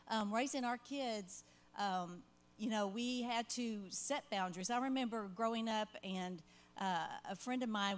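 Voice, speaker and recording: An older woman, a grandmother, sharing heartfelt parenting advice in a church Q&A conversation, earnest and rambling with asides. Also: medium pitch.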